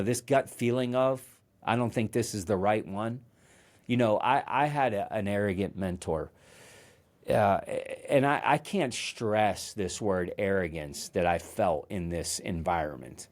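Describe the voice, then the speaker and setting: A man's voice: on the low side, a little mellow. A man hosting a motivational solo talk, speaking conversationally and emphatically, with frequent restarts. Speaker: host.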